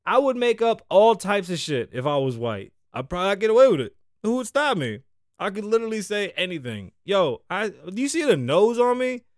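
A man's voice: high-pitched, big pitch swings, brisk, no room sound, studio quality. A man from the Bronx, hosting a podcast in loose, profane, riffing chat and teasing his co-host. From the Bronx, New York. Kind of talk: casual freestyle podcast talk.

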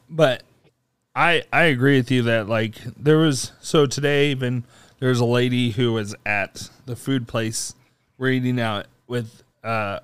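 A man's voice: mid-range voice, smooth, dry recording. A man co-hosting a podcast, telling an everyday anecdote casually and acting out the quoted lines. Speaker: podcast co-host. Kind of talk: casual storytelling chat.

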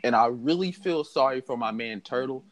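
A young man telling a story in casual chat, animated and mocking, laughing as he goes. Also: mid-range voice, moderate pace. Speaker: podcast host telling a story.

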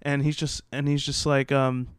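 A man's voice: medium pitch, flat delivery, normal speed, smooth, no echo, clean studio sound. A young man co-hosting a podcast, telling rambling stories in casual chat with lots of fillers. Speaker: podcast co-host.

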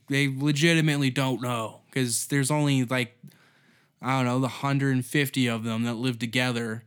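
A man's voice: medium pitch, fairly even intonation, normal speed, a bit bright, smooth. A man hosting a solo comedy podcast, rambling and swearing in an offhand way, often trailing off. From Canada. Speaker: podcast host.

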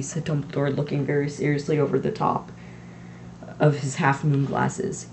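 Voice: medium pitch, level tone, moderate pace, creaky, darkish tone. A teenage reader from the US narrating a homemade audiobook in a plain, unpolished voice. A faint hiss runs under the recording. The reader sometimes breaks off to criticise their own reading. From United States. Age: teens.

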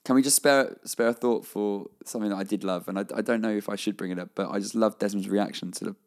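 A man's voice: on the low side, steady tone, quick pace. Chatty man gushing over a show. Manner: enthusiastic, rambling, laughs often. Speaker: podcast co-host. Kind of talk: casual chat recapping a TV episode.

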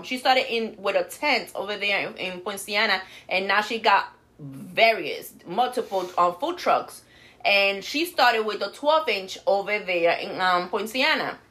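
A woman's voice: mid-range voice, fairly bright tone. A woman co-hosting a podcast in casual chat, crude and joking, slipping Spanish words into her English. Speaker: podcast co-host.

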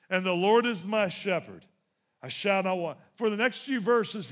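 A man preaching a sermon as pastor, building into emphatic runs and dropping into softer asides to the congregation. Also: high voice.

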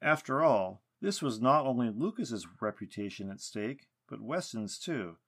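A male storyteller reading narration with an expressive, animated delivery. His pitch sits in the middle but swings widely through each sentence. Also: unhurried.

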